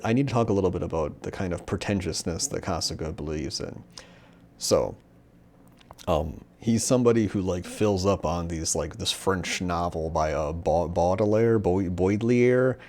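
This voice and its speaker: A young man with a deep, low-pitched voice talks casually about a manga he has read. He rambles and fills his sentences with "like" and "um", and now and then slips into the characters' lines. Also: normal speed, a little mellow. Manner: rambling, many fillers, acts out character lines. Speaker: manga reviewer. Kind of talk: casual solo discussion.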